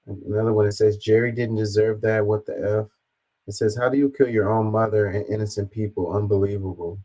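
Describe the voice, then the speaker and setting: Low-voiced man reacting bluntly to news. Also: warm tone, low-quality recording. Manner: blunt, swears casually. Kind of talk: casual reaction commentary, reading comments aloud.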